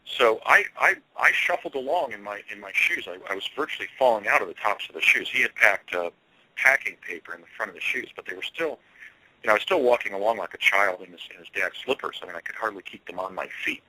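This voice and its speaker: A man telling a long first-person story as an interview guest, earnest and halting, with frequent fillers. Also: lowish voice, animated, bright, forceful tone, slightly rough, no room sound, low-quality recording.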